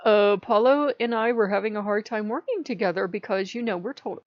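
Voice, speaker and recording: A woman hosts her own vlog, speaking casually in a medium-pitched, brisk voice with few pauses, often laughing as she animatedly retells conversations. It's casual spiritual vlog talk, recorded lo-fi with no room sound.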